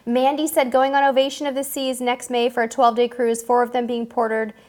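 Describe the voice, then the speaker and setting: Reading out viewers' questions during her live-stream Q&A, the host comes across as bubbly, chatty, emotional and quick to poke fun at herself. Her pitch is fairly high but barely moves, and she talks a little fast in a slightly mellow tone.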